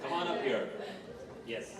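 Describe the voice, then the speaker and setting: A man hosting an open mic, bantering loosely and introducing the next act. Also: over a noisy crowd. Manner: loose, joking, halting. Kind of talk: emcee banter. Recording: echoey room from far off, loud noise.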